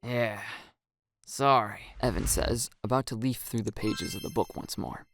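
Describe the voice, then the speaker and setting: A man narrating a first-person story in a calm, even storytelling manner. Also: lowish voice, normal speed, vocal fry, faint music behind. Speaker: audiobook narrator.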